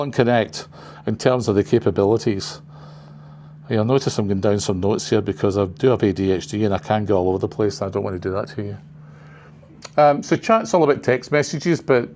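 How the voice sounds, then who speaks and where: A man's voice: medium pitch, a little mellow. An older man giving a casual, rambling presentation to a class of trainers in a training room, full of side remarks. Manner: rambling, chatty, full of asides.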